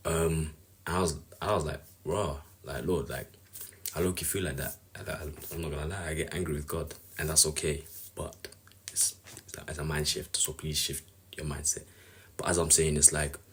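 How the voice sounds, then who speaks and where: A man's voice: very deep voice, fairly bright tone, slight background noise. A man giving a casual devotional talk on a Bible passage, earnest and rambling as he thinks aloud. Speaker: Bible reflection speaker.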